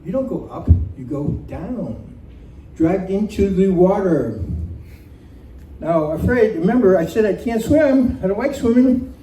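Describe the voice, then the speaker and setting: A man telling a personal story live to a room, animated and laughing as he goes. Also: high-pitched, a little slow, distant mic, slight background noise. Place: community center room. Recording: roomy hall recording from off-mic.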